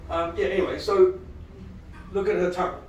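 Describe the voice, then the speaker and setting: Male dental lecturer, lively questioner, slightly high voice, distant mic with faint room hum. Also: moderate pace, echoey room. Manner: animated, quizzing the audience, frequent "right?". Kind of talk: live lecture to dentists.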